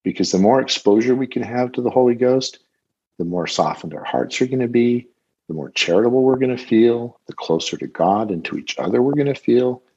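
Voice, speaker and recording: An older man talks calmly and thoughtfully as a guest, his voice slightly husky. The sound is dull and lo-fi, like a remote call line. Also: mid-range voice, fairly quick. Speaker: guest, author. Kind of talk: casual faith conversation.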